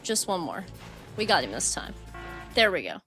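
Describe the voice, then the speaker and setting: Chatty woman streamer yelling at a game. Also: fairly low pitch, big pitch swings, moderate pace, soft background music. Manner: chatty, swings to loud frustrated outbursts. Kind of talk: live gameplay commentary.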